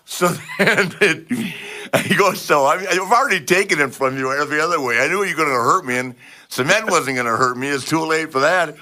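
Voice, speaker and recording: A man in his fifties or older hosting a podcast, telling wrestling stories in a lively voice, acting out dialogue and laughing often. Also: fairly high pitch, brisk. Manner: animated storyteller, acts out dialogue, laughs often. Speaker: podcast host. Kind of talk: casual storytelling chat.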